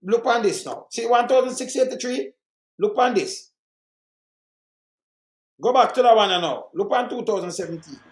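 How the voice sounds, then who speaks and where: Furious high-voiced Jamaican man ranting. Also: expressive, normal speed, pauses often, roomy sound. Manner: heated, repetitive, cursing, swings to shouting. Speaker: channel host commenting on murder statistics. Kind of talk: angry political rant over charts.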